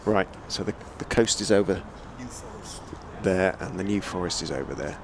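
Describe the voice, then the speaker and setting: A man calls a one-day cricket match ball by ball in a low, easy voice. He chats between deliveries and lifts his energy when a shot races to the boundary. A faint hum of outdoor noise sits behind him. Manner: measured, chatty, lifts to excited calls on big shots. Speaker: cricket commentator. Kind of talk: radio-style ball-by-ball commentary. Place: commentary position on a stadium hotel roof.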